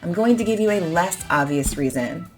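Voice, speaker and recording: A woman's voice: on the low side, expressive, moderate pace, faint music behind. A woman teaching English, explaining and emphatically modelling phrases to show intonation. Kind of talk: explaining to camera in a lesson.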